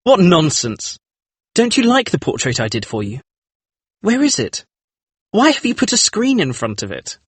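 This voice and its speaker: Brief: male actor as an earnest, husky painter, pleading and hurt, voice a touch high and swinging widely, dry close sound. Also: wildly swooping pitch, moderate pace, pauses often, dry recording, full character voice. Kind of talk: audiobook drama reading.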